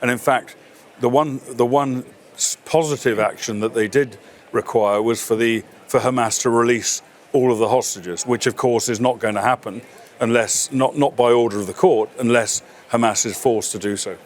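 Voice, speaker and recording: A man's voice: medium pitch, fairly even intonation, normal speed. A middle-aged man, a military expert guest in a studio interview, making his case in a firm, emphatic way. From Britain.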